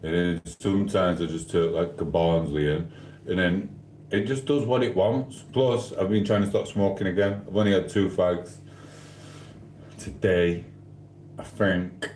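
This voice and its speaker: A man's voice: sits low, fairly even intonation, a little slow, darkish tone, a little hiss or hum. A man hosting a live stream, chatting casually in a rambling, slangy, jokey way as he reads out comments. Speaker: livestream host. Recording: roomy sound with faint ambience.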